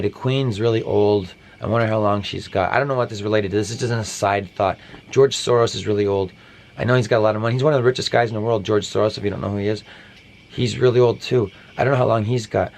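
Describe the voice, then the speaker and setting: Gravelly man rambling through a parody monologue. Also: on the low side, slight background noise. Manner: rambling, mock-conspiratorial, offhand asides. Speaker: parody podcast host.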